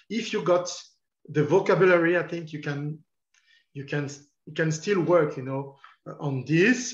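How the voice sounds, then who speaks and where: A man's voice: a little high, roomy sound, highs cut off. A man in his fifties from France with a French accent, a guest journalist speaking earnestly in an online panel talk and repeating key words for emphasis.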